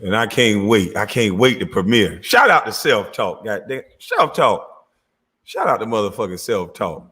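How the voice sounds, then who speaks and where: A man's voice: on the low side, big pitch swings, moderate pace, slightly rough. A man hosting his own channel, cursing and mocking as he reacts to clips. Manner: mocking, cursing, laughing loudly. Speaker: commentary channel host. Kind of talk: profane reaction rant.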